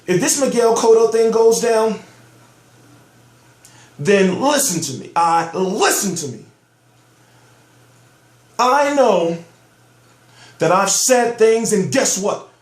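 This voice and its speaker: A man's voice: high voice, animated, slow, pauses often, roomy sound. A man giving heated, profane commentary on boxing news in a ranting vlog, amped up and emphatic. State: amped up on soda.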